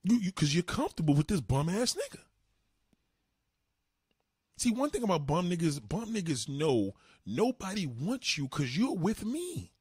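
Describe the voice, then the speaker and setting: A man ranting on a livestream, foul-mouthed and animated. His husky voice swoops up and down as he talks, and the sound is dry and close. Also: sits high, normal speed, no echo. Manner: profane, animated, swinging delivery. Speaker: livestream host. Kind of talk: ranting comedic commentary.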